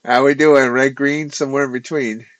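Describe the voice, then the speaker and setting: A man's voice: medium pitch, steady tone, moderate pace, no room sound, low-quality recording. Man muttering live trading commentary. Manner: muttered self-talk over charts, wry asides. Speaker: futures trading streamer.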